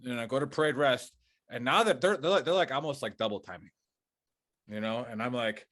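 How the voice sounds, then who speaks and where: Casting note: man, podcast co-host, casual rambling storyteller, swears, restarts often, mid pitch. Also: fairly quick, fairly bright tone. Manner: rambling, swearing, many restarts, acts out quotes.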